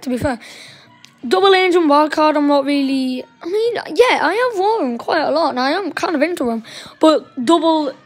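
A woman chats her way through a gaming session in a high, light voice. Her talk is loose and rambling, with mild swearing. Soft music plays quietly in the background. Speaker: gaming streamer. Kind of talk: casual gameplay commentary.

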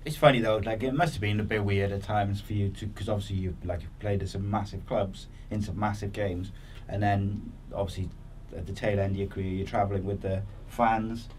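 Low-voiced man hosting a podcast. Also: fairly even intonation, a little fast, hardly any pauses, darkish tone, far from the mic, a little hiss or hum. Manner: chatty, filler-heavy questions. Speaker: podcast host. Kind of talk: casual interview chat.

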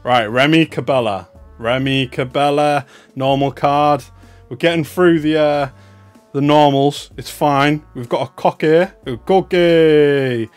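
A young man giving excitable, chatty commentary on a live stream, swinging between loud bursts of hype and muttered asides. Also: on the high side, takes it slowly, smooth, faint music behind. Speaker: livestreamer opening trading cards.

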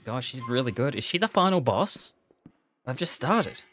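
A streamer giving excitable, swearing livestream commentary, talking back to game figures. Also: mid-range voice, moderate pace, dry recording.

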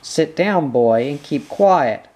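A reader doing a hard, commanding sergeant interrogating a suspect in short, sharp questions. The voice is husky and deliberate. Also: mid-range voice, lively intonation. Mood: stern. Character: stern commanding police sergeant.

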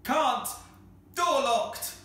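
A bold young boy from a storybook, voiced by a man, shouting in short, clipped words. His voice is high and carries through a roomy hall. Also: moderate pace, recorded from a distance. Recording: roomy hall with faint noise.

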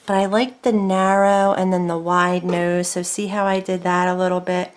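A woman's voice: fairly low pitch, little pitch movement, normal speed. A woman showing her craft work in a casual chat, rambling with many fillers and self-corrections at her desk at home. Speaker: craft vlogger. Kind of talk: casual show-and-tell chat.

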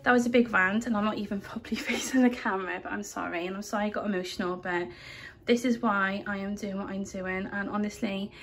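A woman's voice: mid-range voice, fairly even intonation, quick pace, fairly bright tone, slight background noise. Earnest woman vlogging heartfelt. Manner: earnest, rambling and heartfelt, apologetic. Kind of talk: emotional vlog rant to camera. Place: home, indoors.

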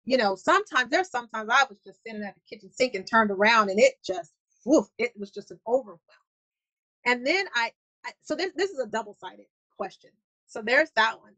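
A woman's voice: mid-range voice, a bit bright, no room sound, low-quality recording. A woman co-hosting a faith-based talk show, speaking earnestly and rambling through her thoughts. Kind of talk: casual faith-based conversation.

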